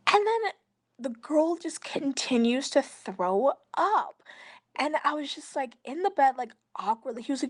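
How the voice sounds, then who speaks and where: A woman's voice: high voice, animated, normal speed. A young woman recording a casual storytime voice message on her phone, rambling and swearing, full of "like". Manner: rambling, profane, filler-heavy with lots of "like". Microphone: phone voice memo.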